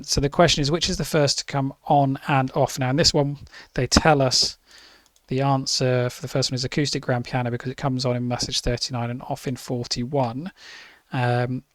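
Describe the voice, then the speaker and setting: A man's voice: medium pitch, no echo. A man walking through a spreadsheet puzzle in a screen-recorded tutorial, explaining each step methodically with frequent ums. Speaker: spreadsheet competition presenter.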